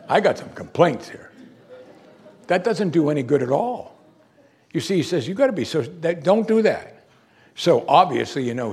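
A man preaching a sermon, emphatic and animated, asking the congregation rhetorical questions. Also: mid-range voice, slightly rough. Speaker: pastor.

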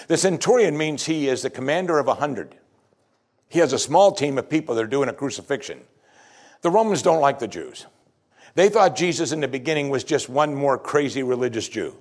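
A man preaching a sermon, animated, acting out the quoted speakers and swinging between loud emphasis and hushed lines. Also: on the high side. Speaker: pastor.

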